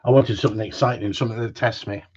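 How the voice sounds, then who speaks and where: A man's voice: lowish voice, fairly even intonation, very fast, a little mellow, husky. A man hosts a live stream as a dog trainer, chatting casually and joking while he answers viewers' questions. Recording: dull lo-fi stream audio.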